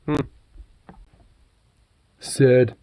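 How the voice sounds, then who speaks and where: A man's voice: very slow, mellow. A man streaming live in casual chat, laughing often, swearing and making sarcastic remarks.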